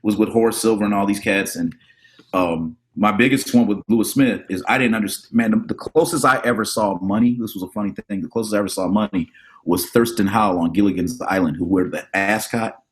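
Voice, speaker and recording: Middle-aged guy on a podcast telling stories, gets animated, does the voices of people he quotes. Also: on the low side, fairly quick. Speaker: podcast guest, drummer and educator. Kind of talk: casual storytelling interview.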